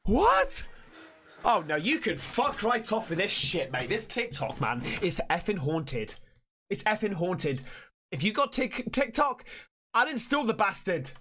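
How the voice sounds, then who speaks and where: A man hosting a reaction video, jumpy and swearing freely, shouting when something startles him. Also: high voice, sing-song, unhurried. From England. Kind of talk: excitable reaction commentary.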